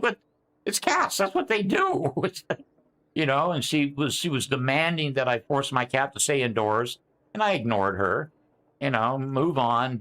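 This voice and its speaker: A man's voice: mid-range voice, fairly bright tone. An older man, rambling casually to his live-stream chat with many fillers and restarts, answering viewers by name. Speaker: sim racing streamer.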